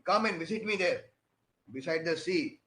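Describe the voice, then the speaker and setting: A man's voice: a little high, expressive, normal speed, fairly bright tone, pitched above the performer's own voice, low-quality recording. A man voicing a male deity who speaks from the sky, in a solemn proclaiming manner, as part of a sermon.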